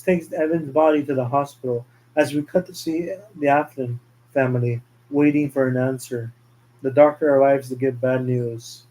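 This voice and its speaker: Mellow-voiced man narrating a fan story. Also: mid-range voice, fairly even intonation, normal speed, rough recording. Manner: plain reading of scene directions, occasional slips.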